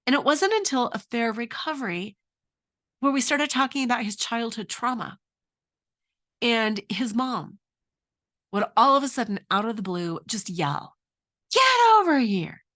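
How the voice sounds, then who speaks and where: A woman's voice: fairly high pitch, a little slow, pauses often, a bit bright. Earnest woman coach, middle-aged. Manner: earnest, asks many questions. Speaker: relationship coach. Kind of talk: advice talk with personal story.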